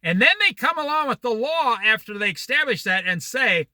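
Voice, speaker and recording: A man in his sixties teaches a Bible study in a lively, swooping voice that sits high for a man. His sound is very bright and cutting, and he breaks off into opinionated, digressive stories. The recording is dry, with almost no room sound. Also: normal speed, hardly any pauses, dry recording. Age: 60s. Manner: opinionated, digressive, animated storytelling.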